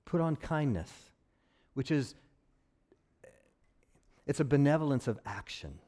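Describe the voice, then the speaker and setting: Male pastor, mid-pitched voice, easygoing conversational sermon with jokes. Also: expressive, unhurried, dark tone. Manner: conversational, joking asides.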